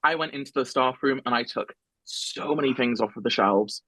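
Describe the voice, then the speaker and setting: A man's voice: moderate pace, fairly bright tone, poor audio. A young man, a podcast co-host telling a comic story over a video call and acting out other people's voices. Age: young adult. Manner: acts out quoted voices with big pitch jumps.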